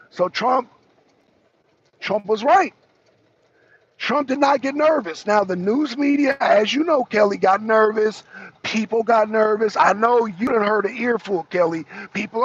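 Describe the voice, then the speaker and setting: A man's voice: high voice, moderate pace, slightly rough, dull audio. A man hosting a political talk stream, chatting casually and animatedly with viewers, greeting them by name and swearing often. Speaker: political talk show host. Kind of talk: casual live-stream commentary.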